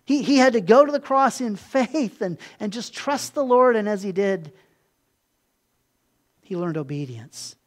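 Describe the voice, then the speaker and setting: A man preaching a sermon in a relaxed, conversational way, slipping into quick acted-out asides. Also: high voice. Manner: conversational, acts out voices in quotes, animated asides. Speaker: pastor.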